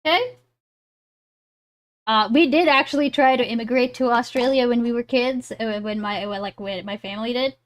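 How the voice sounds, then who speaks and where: A woman's voice: a little high, normal speed. A woman streamer chatting casually and laughing while reacting live. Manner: giggly, rambling, self-deprecating.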